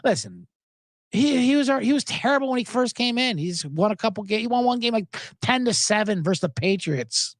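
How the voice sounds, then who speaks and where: A man hosting a sports betting show in a loose, cursing, joking ramble. His pitch swings widely from phrase to phrase. The sound is dry and close, with no room around it. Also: expressive, fairly quick, dry recording. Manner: profane, joking, rambling, breaks into mock impressions. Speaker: sports betting podcast host. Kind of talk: casual sports betting monologue.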